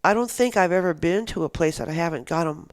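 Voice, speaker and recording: A woman's voice: on the low side, fast, no echo. An older woman, a guest in a podcast interview, telling stories in a rambling, enthusiastic way. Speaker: guest, action sports show organizer. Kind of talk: casual interview chat.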